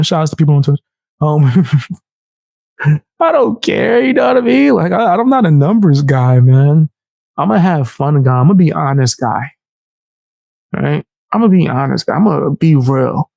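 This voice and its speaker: A young male streamer in casual commentary, brash and profane, his voice leaping high whenever he mocks someone. His tone has a gravelly edge, and the sound is dry, close, and without room echo. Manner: brash, profane trash talk with frequent laughs; animated, jumping sharply high when mocking.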